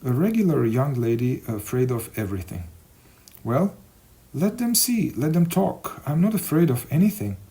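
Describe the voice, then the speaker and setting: A man voicing a willful, teasing young woman in a lively sing-song tone. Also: medium pitch, unhurried. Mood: playful.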